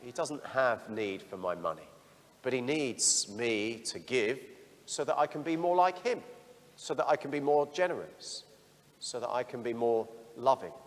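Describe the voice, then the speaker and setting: A middle-aged priest preaches in a frank, self-deprecating style, his voice at an ordinary man's pitch. His words trail off into the long reverb of a church. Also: expressive, a little slow. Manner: candid, self-deprecating storytelling. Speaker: parish priest. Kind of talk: sermon.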